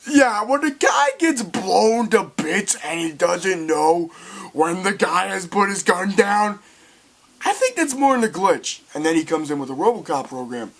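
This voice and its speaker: A man giving a casual, excitable film review, rambling and swearing as he retells scenes. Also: high-pitched, unhurried, gravelly, a little hiss or hum.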